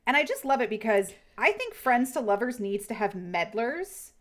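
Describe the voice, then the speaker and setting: A woman co-hosting a podcast, chatting casually and retelling scenes with animated quoted lines. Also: a little high, moderate pace. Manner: animated retelling with quoted voices, frequent swearing. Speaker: podcast co-host. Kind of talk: casual chat.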